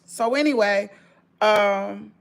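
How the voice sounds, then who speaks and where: A woman's voice: medium pitch, slow, vocal fry. A woman with a Southern US accent, telling an emotional story straight to her viewers in an emphatic, rambling way, full of restarts. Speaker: vlogger.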